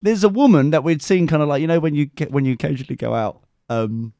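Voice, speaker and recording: A young English man co-hosting a podcast, telling a sweary, animated story in a casual chat. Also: fairly high pitch, fast talker, no room sound, studio quality. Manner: sweary, animated anecdote with mimicked voices. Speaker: podcast co-host.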